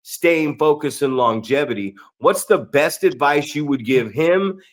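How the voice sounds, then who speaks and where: Slightly high-voiced middle-aged wrestler host. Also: male voice, animated, a little slow. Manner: profane, storytelling, asks questions. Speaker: podcast host and veteran wrestler. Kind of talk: casual podcast chat.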